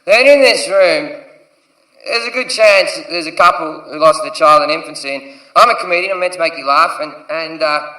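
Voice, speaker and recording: A man's voice: a little high, normal speed, pushed and bright, recorded from a distance. A man doing a crude, provocative, swearing stand-up set in a large venue. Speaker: stand-up comedian. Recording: echoey live comedy hall from afar.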